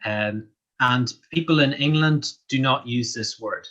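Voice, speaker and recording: Northern Irish man, bright, careful speech. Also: medium pitch. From Northern Ireland. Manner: slow, careful, explaining with many ums. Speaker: guest. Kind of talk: live online interview.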